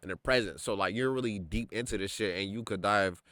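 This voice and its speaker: A man's voice: lowish voice, fairly quick, fairly bright tone, dry recording, studio quality. A young man co-hosting a podcast, talking music in a laid-back, slangy way with lots of "like" and "bro". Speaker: podcast co-host. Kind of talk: casual chat.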